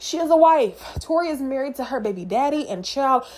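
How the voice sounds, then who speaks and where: A woman's voice: high voice, lively intonation, brisk, no echo. A woman in her thirties hosting her own channel, giving casual, candid reaction commentary with plenty of opinionated asides. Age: 30s.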